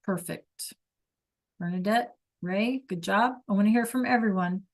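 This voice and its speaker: A woman teaching a class over a video call, explaining slowly and patiently and checking in with "okay?" all the time. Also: mid-range voice. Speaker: Spanish teacher.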